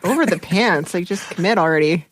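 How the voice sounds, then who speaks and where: A woman's voice: lowish voice, lively intonation, a little fast, slight background noise. A woman co-hosting a casual podcast chat, blunt and joking. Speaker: podcast co-host.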